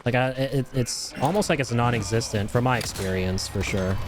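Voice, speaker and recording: Music plays in the background as a man streams a game, speaking at a moderate pace in a mid-range voice. He chats casually with jokes and mock-serious, ironic asides, often rambling and restarting his sentences.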